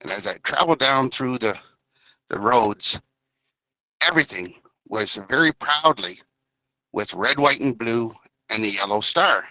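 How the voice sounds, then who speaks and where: A man with a bright, slightly high voice tells a jokey story in casual chat. The sound is dry and dull, like lo-fi voice chat audio. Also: expressive, unhurried, pauses often, no room sound. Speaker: trucker caller in a voice chat.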